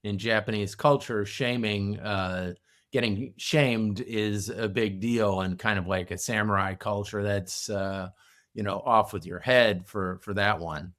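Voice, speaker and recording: Guy hosting an interview, lowish voice, lots of uhs and you knows. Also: fairly even intonation, a little slow, a bit bright. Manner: hesitant, many fillers. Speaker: host. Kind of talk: interview questions.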